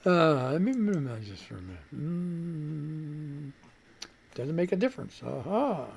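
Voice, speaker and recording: A man's voice: on the high side, very animated, unhurried, vocal fry, a little mellow, slight background noise. A man hosting a live radio show, muttering and swearing in frustration while fixing his stream setup. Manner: swears casually. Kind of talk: casual live-stream commentary.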